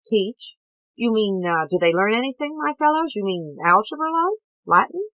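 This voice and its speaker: A woman's voice: on the high side, big pitch swings, moderate pace, no echo, dull audio. Woman doing a blustering hearty gent. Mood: boastful. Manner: clipped, blustering, old-fashioned slang. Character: bluff hearty middle-aged man, boastful and eager.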